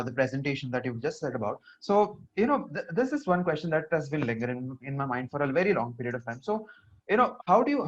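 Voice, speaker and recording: A man hosting an interview, asking eager questions padded with "you know". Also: medium pitch. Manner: eager, uses many fillers like "you know". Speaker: interview host. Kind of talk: interview conversation. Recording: dull lo-fi sound.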